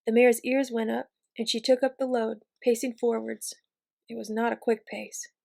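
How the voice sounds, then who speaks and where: A woman reading a fantasy novel aloud in an even, measured narration. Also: a little high, gravelly. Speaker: reader. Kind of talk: audiobook reading.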